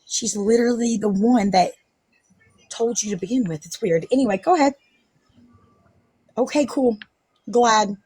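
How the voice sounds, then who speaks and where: Defensive woman venting on a stream, sarcastic and sweary, dry close sound, husky tone. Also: on the high side, unhurried, long pauses, darkish tone, dry recording. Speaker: livestream host. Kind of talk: casual live-stream chat.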